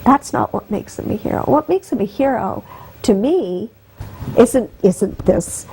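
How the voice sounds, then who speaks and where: A woman's voice: a little high, expressive, unhurried, vocal fry, warm tone, a little hiss or hum, rough recording. A woman guest telling an emotional personal story, her voice rising and catching with feeling. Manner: heartfelt, voice rising and breaking with emotion.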